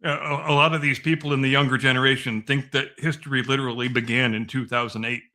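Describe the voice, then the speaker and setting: Bright-voiced blunt male podcast host. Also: mid-range voice, little pitch movement, fast. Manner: opinionated, blunt, swears freely. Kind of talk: casual chat.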